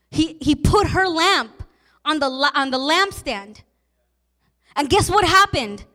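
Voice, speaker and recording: A woman pastor with a high voice preaches passionately, repeating lines and asking her listeners questions, sometimes growing soft and emotional.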